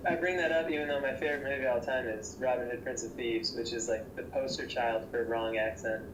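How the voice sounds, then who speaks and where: A man's voice: medium pitch, fairly even intonation, a little fast. Guy sticking up for movies he likes, far from mic, roomy echo. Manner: earnest, defends his picks. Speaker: movie reviewer. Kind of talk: casual podcast banter. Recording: echoey room, off-mic, noisy.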